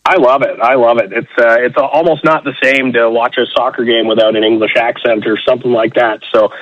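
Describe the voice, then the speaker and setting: A man calls in as a guest on a radio chat, talking in an easygoing way with plenty of fillers. His voice sits at a middle pitch. The sound is dull and lo-fi, with a dry feel. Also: steady tone, brisk, dry recording. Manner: easygoing, laughs often, many fillers. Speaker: play-by-play announcer guest.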